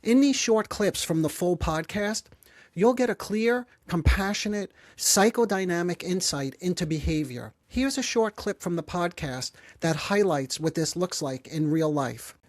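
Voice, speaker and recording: Man with a gentle, measured voice. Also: sits high, animated, no echo. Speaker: psychotherapist podcast host. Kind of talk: calm explanatory talk.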